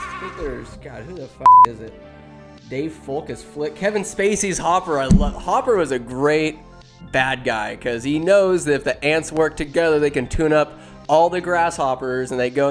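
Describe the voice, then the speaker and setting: A young man in casual, rambling commentary, ranking animated films with profane, self-deprecating jokes. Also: medium pitch. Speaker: solo movie-ranking streamer.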